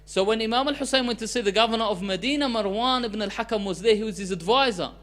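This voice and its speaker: A man preaching a sermon as a story, with loudness that swings between emphatic lines and soft, hushed ones. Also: high-pitched, quick pace.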